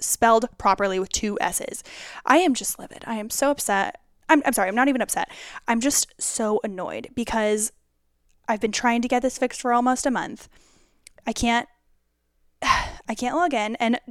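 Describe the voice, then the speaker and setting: Young woman host, raised pitch, smooth tone, chatty and exasperated solo podcast delivery. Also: no room sound, clean studio sound. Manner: animated, exasperated ranting with vivid tangents. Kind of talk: casual solo podcast chat.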